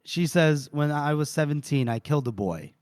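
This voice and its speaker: A man's voice: a little high, animated, a little mellow, no echo, studio quality. Laughing man recapping a novel. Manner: retells scenes with quick put-on voices, laughs often. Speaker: podcast co-host. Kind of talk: casual book-club recap.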